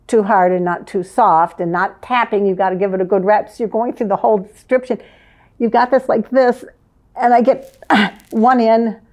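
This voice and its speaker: An older woman recalls old times with lively storytelling, breaking into laughter as she sets the scene. Her voice sits in an ordinary middle range for a woman, and she talks as a guest looking back on her working years. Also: mid-range voice. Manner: lively, laughs often, vivid scene-setting. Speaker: former advertising manager, guest. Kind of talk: reminiscing storytelling in conversation.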